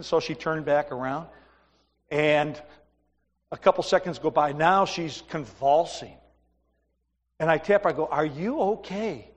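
A man preaching a sermon in a church and telling lively stories, acting out the voices of the people in them. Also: fairly high pitch, measured pace, long pauses, big-room sound. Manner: animated storytelling, acts out voices in his stories. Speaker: pastor. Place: church sanctuary.

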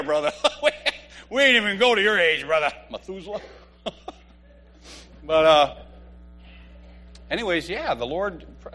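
A man in his fifties giving a humorous church testimony, an animated storyteller who laughs often. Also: on the high side.

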